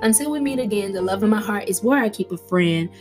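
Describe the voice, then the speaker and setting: A young adult woman hosting a podcast, telling a rambling personal story in a casual, animated way with frequent laughter and restarts. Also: medium pitch, fast, soft background music. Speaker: podcast host.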